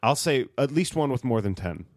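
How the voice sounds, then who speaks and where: A man co-hosting a podcast in casual chat, relaxed and chatty. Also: medium pitch, a little fast, no room sound, studio quality. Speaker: podcast co-host.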